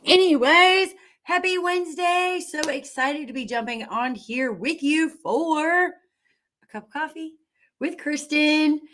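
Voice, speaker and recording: A woman's voice: sits high, takes it slowly, fairly bright tone, a little hiss or hum. A middle-aged woman hosting a live stream into her webcam, bubbly and enthusiastic, greeting viewers and cheering with whoops. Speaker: livestream host.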